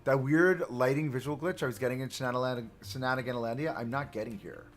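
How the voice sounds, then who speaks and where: A man's voice: mid-range voice, quick pace, soft background music. A young man chatting to himself and his viewers as he builds in a live game stream. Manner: chatty, self-talking while building. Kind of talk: live gameplay commentary.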